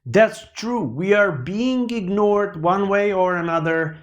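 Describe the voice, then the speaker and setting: A man hosting a comedic monologue show, animated, with a Macedonian accent, swinging between loud outbursts and mock-sad mumbling. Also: high-pitched, takes it slowly, muffled recording.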